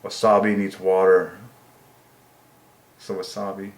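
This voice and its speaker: Slow, low-voiced man in an echoey room. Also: completely flat delivery, a little hiss or hum. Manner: enthusiastic, musing aloud, repeats words in a sing-song high voice. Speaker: channel host. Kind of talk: casual solo commentary on word numerology.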